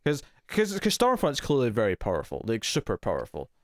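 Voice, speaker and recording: A man's voice: mid-range voice, wildly swooping pitch, a little fast, dry recording, clean studio sound. A man co-hosting a TV review podcast in casual chat, talking loosely with lots of fillers and easy laughs.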